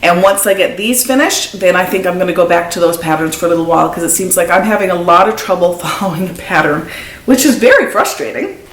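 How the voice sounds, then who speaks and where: A woman's voice: lowish voice, fast, few pauses. An older woman in her seventies hosting a knitting video, chatting casually and rambling as she shows her projects. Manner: chatty, rambling, easily sidetracked. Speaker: knitting podcast host. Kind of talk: casual show-and-tell chat. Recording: echoey room.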